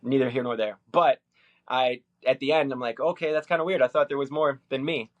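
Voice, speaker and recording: A man's voice: medium pitch, fairly even intonation, fairly quick, muffled recording. A man from Minnesota, talking hesitantly with many fillers and restarts as he recounts his day in a personal vlog. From Minnesota, USA. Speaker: vlogger.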